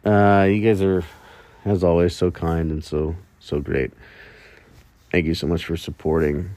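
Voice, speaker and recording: Low-voiced man rambling casually. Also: flat delivery, measured pace, darkish tone, no room sound. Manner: rambling, self-mocking, jokey asides. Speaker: podcast host. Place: at home early morning.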